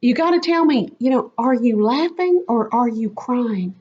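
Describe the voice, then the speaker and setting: A woman's voice: fairly high pitch, expressive, unhurried, a little mellow, pitched above the performer's own voice. A woman voicing a worried, caring husband on the phone, asking in an urgent and anxious tone. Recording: slightly muffled lo-fi audio.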